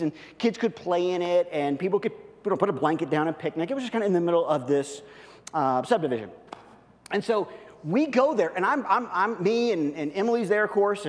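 A male pastor preaching, telling a story with lots of restarts and animated asides. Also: high-pitched. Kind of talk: sermon with storytelling. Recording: long hall reverb.

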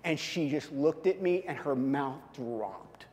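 A male pastor preaching, telling a story with lots of restarts and animated asides. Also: mid-range voice, slow. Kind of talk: sermon with storytelling. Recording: long hall reverb.

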